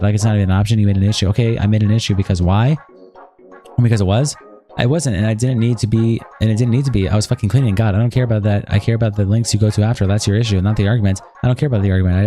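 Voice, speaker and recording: A man streaming, reading a heated argument aloud from a document in a quick, run-on way, swearing often. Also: on the low side, mellow.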